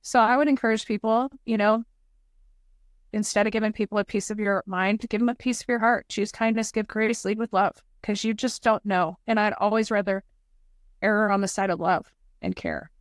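A woman's voice: medium pitch, steady tone, normal speed, dry recording, studio quality. A woman in her forties, a podcast guest and nonprofit founder, telling personal stories in an earnest, heartfelt way and repeating motivational phrases.

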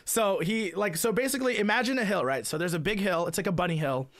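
A man streamer telling a funny story in a casual, rambling way, full of filler words and swearing, getting loud and excited at the big moments. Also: high-pitched, fast talker.

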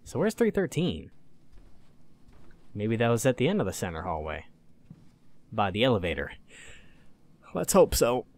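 A man's voice: on the low side, wildly swooping pitch, normal speed, long pauses. A man commentating a horror game he is playing, jumpy and swearing, talking back at the game. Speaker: gaming YouTuber.

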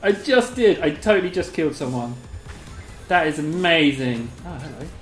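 Giggly, excitable gamer in an echoey room. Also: moderate pace. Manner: excitable, giggly, squeals a catchphrase at high pitch; mutters quietly to self between bursts. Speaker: gaming video host. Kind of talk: live gameplay commentary. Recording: roomy echo, faint game music behind.

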